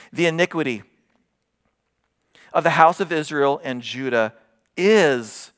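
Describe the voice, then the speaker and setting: Guy preaching a church sermon, kinda high voice, gets worked up then drops way down. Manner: expressive preaching, voice rising when retelling scripture and dropping low for emphasis. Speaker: pastor.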